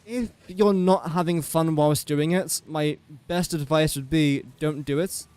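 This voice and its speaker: A man's voice: on the high side, measured pace, a little mellow, smooth, no room sound. A young man casually commentating his gameplay on a livestream, chatty and joking at his own expense. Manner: chatty, self-mocking, joking asides. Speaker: gaming livestreamer.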